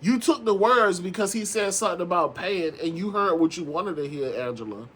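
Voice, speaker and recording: A man with a high voice recaps reality TV in sassy, animated casual commentary. He calls his viewers "girl", repeats himself for emphasis and swears freely. His tone is bright and sharp. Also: fairly quick, a little hiss or hum. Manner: frequent profanity and emphatic repetition.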